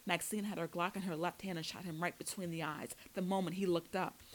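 A woman reading a first-person novel aloud as an audiobook narrator, with steady storytelling delivery. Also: fairly low pitch, brisk, poor audio.

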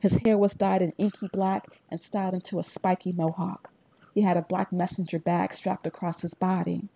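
A woman narrates a first-person story with steady, even pacing. Her voice sits low and mellow, recorded close with no room sound around it. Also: moderate pace, gravelly, husky, no room sound. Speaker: audiobook narrator.

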